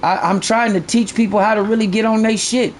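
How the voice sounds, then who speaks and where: A man's voice: high-pitched, steady tone, a little fast, slight background noise. Blunt, profane male game streamer. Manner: blunt, profane, repeats himself while ranting. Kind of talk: live stream commentary.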